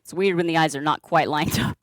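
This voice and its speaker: A woman's voice: low voice, steady tone, brisk, no echo, studio quality. A woman live-streaming as she twists balloons, chatting casually and greeting and thanking viewers by name, rambling with fillers and restarts. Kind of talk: casual live-stream chat while crafting.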